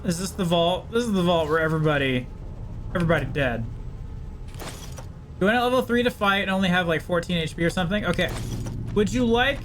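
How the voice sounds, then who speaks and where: High-voiced chatty streamer guy. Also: fast talker, pauses often, fairly bright tone, slight background noise. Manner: chatty, talks to chat, wry. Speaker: game streamer. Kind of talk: casual live-stream commentary.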